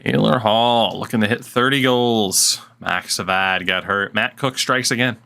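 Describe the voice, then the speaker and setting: A man's voice: fairly low pitch, a little slow, creaky, bright, forceful tone. A man giving casual, sarcastic gameplay commentary at his desk mic. He swears freely and mutters to himself as he plays. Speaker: gaming channel host.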